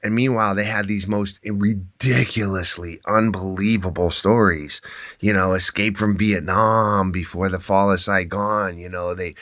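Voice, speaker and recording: A man, an endurance athlete and author, telling animated stories as a podcast guest and often restarting his words. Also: deep voice, unhurried, dry recording, studio quality. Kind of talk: conversational podcast storytelling.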